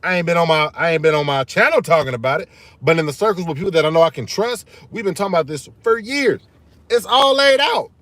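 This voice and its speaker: A fired-up man ranting live to his viewers with a high voice. He hammers his points home, repeats key phrases and talks to the audience as y'all. The sound is dry and close. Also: lively intonation, fast talker, fairly bright tone, no echo. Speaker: channel host streaming live. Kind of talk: casual live-stream rant to viewers.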